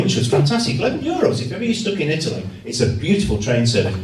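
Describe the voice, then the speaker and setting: A man's voice: mid-range voice, a little hiss or hum. A man, a journalist, telling self-mocking humorous stories as a guest speaker to a laughing audience in a hall. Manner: lively storytelling, self-mocking. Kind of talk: humorous after-dinner talk. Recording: roomy hall heard from a distance.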